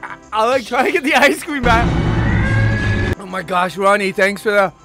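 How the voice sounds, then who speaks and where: A man hosting a casual vlog, talking excitably and directly to his viewers. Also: high voice, normal speed. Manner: excitable, talks straight to viewers. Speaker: streamer and video host. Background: background music.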